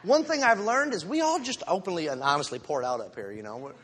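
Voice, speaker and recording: A man's voice: high voice, animated, quick pace, fairly bright tone, slight background noise. A man giving an informal church sermon to his congregation on a handheld microphone, candid and self-deprecating, with joking asides. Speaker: lay preacher. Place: church sanctuary. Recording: long hall reverb.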